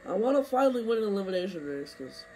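A young man commentating his own racing game, excitable and complaining, saying he is losing his voice. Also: high voice, quick pace, slight background noise. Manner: excitable, complaining, bursts of yelling. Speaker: gaming streamer. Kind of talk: live gameplay commentary.

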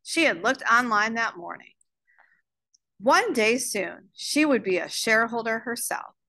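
A woman's voice: a little high, measured pace. A woman teacher reading a children's novel aloud, giving the characters' lines their own voices. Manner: expressive storybook reading with voiced dialogue.

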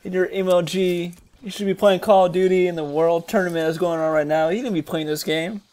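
A gamer giving jokey, excitable commentary over a shooter game, yelling at other players with sudden leaps in pitch. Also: brisk. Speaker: gaming commentator. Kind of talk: gameplay commentary.

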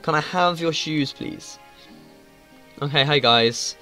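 A man talks through a video game in a loose, excitable way, swearing as he goes. His voice sits a little high for a man. Faint game music plays underneath. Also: slow, long pauses. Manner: casual, excitable, swears freely. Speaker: gaming YouTuber. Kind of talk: let's play commentary.

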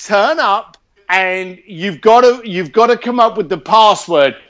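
Interview guest: man with a high voice, blunt, animated storyteller, swears. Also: measured pace. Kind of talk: casual storytelling.

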